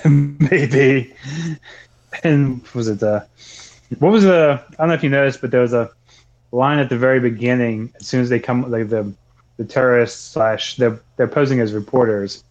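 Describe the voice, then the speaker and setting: A man's voice: medium pitch, moderate pace, a little mellow. A man co-hosting a casual movie podcast, rambling with lots of swearing and frequent laughter. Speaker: podcast co-host.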